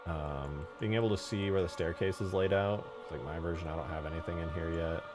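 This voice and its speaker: A young man with a low, brisk voice hosts a game modding channel, talking over music. He chats casually while modding, rambling with plenty of fillers and laughing often.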